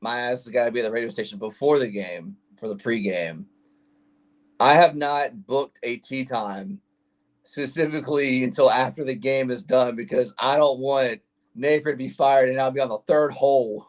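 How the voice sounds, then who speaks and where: A man's voice: mid-range voice, normal speed. A man co-hosting a sports podcast, talking in a laid-back, slangy way. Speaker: sports podcast co-host and radio host. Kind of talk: casual sports talk.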